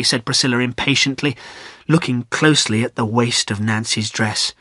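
A man's voice: mid-range voice, flat delivery, moderate pace, sharp tone, no room sound, clean studio sound. Man reading a story steadily. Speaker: narrator. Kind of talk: graded reader audiobook narration.

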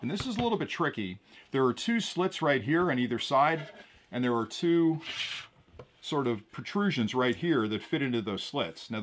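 A man with an ordinary mid-range voice explains a gadget's setup step by step. He keeps it relaxed and conversational, slipping in small chuckles as he goes. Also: medium pitch, a little hiss or hum. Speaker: product reviewer. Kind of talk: hands-on product demonstration.

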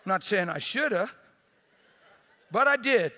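A man preaches in a very high, ringing voice, swinging from loud emphatic bursts to hushed, near-quiet passages. His bright tone carries a long reverb from a large hall. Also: lively intonation, unhurried, long pauses. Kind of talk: sermon.

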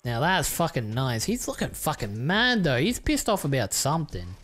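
A man giving casual, crude commentary while opening trading card packs, excitable and swearing often. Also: on the high side, normal speed, hardly any pauses, soft background music. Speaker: YouTuber.

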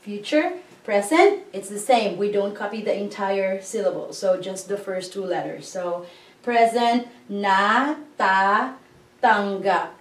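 Female teacher for a slow grammar lesson, unhurried and patient, recorded a little far off in an echoey room. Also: mid-range voice, lively intonation, a little mellow. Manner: patient, spells out syllables and repeats words slowly. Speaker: language teacher.

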